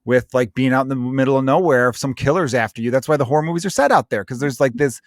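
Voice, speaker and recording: A man's voice: medium pitch, no echo, clean studio sound. A man hosting a podcast, a stand-up comedian chatting casually and swearing freely as he jumps between tangents. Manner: fast, profane, tangent-prone. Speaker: podcast host. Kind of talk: casual chat.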